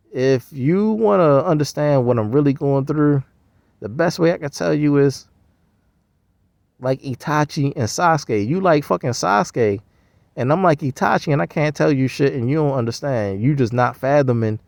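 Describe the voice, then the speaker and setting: A man's voice: medium pitch, lively intonation, normal speed, vocal fry, darkish tone, no room sound. A man rambling in a profane, slangy casual monologue. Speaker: vlogger.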